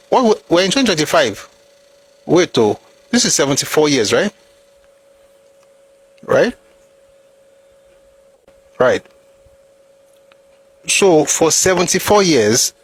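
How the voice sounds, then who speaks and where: A man with a Nigerian accent gives animated, opinionated commentary on history, packed with rhetorical questions and bits of pidgin. His voice is a little high and slightly rough.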